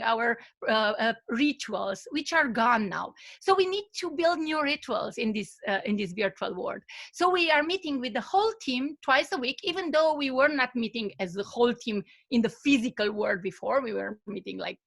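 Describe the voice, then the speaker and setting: A woman's voice: on the high side, animated, normal speed, vocal fry, a bit bright. A woman giving an online webinar presentation over a video call, telling a story and speaking hesitantly with many fillers and restarts.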